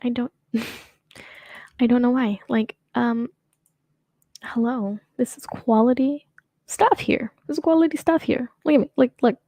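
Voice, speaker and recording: A woman's voice: fairly high pitch, fairly even intonation, measured pace, long pauses, warm tone, dry recording. A young woman hosting a show in casual chat, rambling and joking at her own expense, laughing often. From United States. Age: young adult. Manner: rambling, self-mocking and jokey, laughing often. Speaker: show host.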